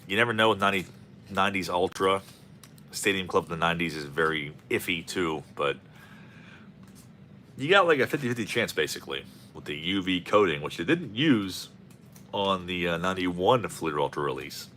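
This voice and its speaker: A man hosts a card-opening video in a bright, forward voice, his pitch swinging widely as he jokes and rambles. He calls out each player's name as the packs go by, in a casual commentary style. His voice sits on the low side, with a faint ambient hum behind it. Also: lively intonation, normal speed. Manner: rambling and jokey, calling out player names. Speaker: host of a card-opening channel.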